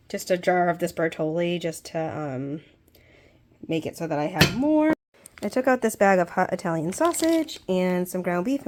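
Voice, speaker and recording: A woman's voice: on the low side, darkish tone, slight background noise. A woman with a stuffy, congested voice from a cold, casually talking through her home cooking in a kitchen vlog, practical and chatty with frequent ums.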